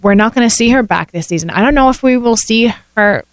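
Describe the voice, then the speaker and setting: A British-accented actress chatting casually as a podcast guest, telling stories with laughter. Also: female voice, a little high, fast, dry recording. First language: British English accent. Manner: chatty, animated storytelling with laughs.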